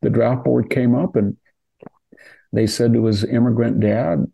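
A man's voice: mid-range voice, steady tone, a little slow, creaky, dark tone, slightly rough. An older man from California talking through history in a rambling, casual way, with many restarts and asides. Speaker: podcast host discussing history.

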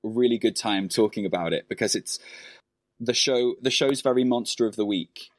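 A British-accented man with a lowish voice, guesting on a podcast and talking with earnest enthusiasm. His delivery is casual and full of "sort of", and the sound is dry and close. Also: moderate pace, no room sound. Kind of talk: casual chat.

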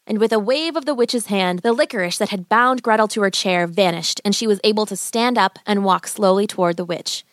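A woman narrating a fairy tale as a bedtime story, in an expressive, gentle, animated way. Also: medium pitch, fairly quick, dry recording, clean studio sound.

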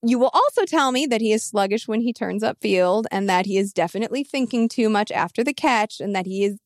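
A woman in her thirties, a fantasy football analyst telling an animated, emphatic story in casual podcast talk. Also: mid-range voice, no echo, clean studio sound. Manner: animated, emphatic, quick asides.

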